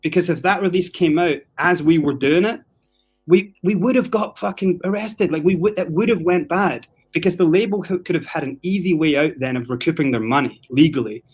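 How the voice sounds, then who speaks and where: A man from Scotland tells his story as a podcast guest. His voice sits a bit high for a man, and he talks with swearing and animated acted-out quotes. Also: fairly quick, slightly rough. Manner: animated, profane, acts out quotes.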